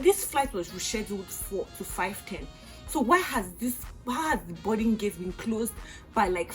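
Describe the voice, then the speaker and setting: A young Nigerian woman with a Nigerian accent, telling a storytime vlog in an animated, exasperated way with acted-out outbursts. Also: medium pitch. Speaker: vlogger.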